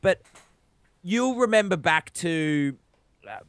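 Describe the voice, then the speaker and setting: An Australian man co-hosting a podcast, laid-back and jokey with slang and swearing, his voice a little rough from being sick. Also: high voice, lively intonation, slow, a bit bright, no room sound. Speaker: podcast co-host. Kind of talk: casual podcast chat.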